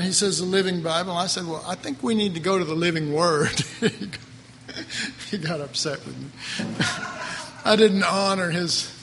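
A man's voice: sits high, a little slow, a bit bright, big-room sound, a little hiss or hum. A man preaching a Bible class in a folksy, conversational way, with chuckling asides. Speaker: Bible teacher. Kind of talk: sermon.

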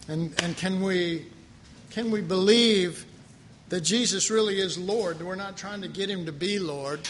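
A man preaching a folksy sermon, moving between loud declarations and hushed, quiet passages. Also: high-pitched, unhurried, big-room sound, a little hiss or hum. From Texas. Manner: folksy, self-deprecating, swings from loud to hushed.

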